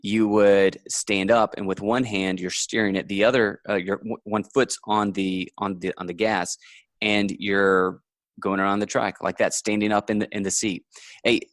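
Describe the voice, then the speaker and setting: A man, a guest on an interview podcast, explaining money matters in an easy, steady way and laughing readily. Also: fairly low pitch, normal speed, no echo. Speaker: guest, finance author. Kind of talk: conversational interview answers.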